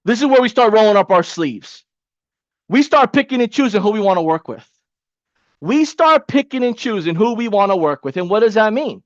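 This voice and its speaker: A man with a high voice leads an online training with casual, energetic coaching and repeats points for emphasis. The sound is dry and a little dull, like a lo-fi webcam mic. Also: normal speed, no echo. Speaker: webinar coach.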